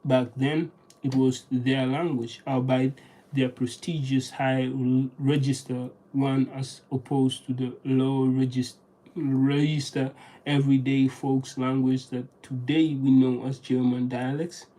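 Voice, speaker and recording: Working through vocabulary on their own, this speaker reads aloud haltingly, sounding out words, thinking out loud, and frequently starting over. Their mellow, mid-range voice barely moves in pitch, and the recording is poor.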